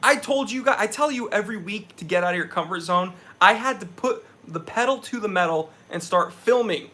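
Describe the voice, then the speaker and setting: Bright-voiced young man chatting on a live stream. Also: high-pitched, animated, fairly quick. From New England. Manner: chatty, loose, reads viewer comments aloud. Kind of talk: casual live stream chat.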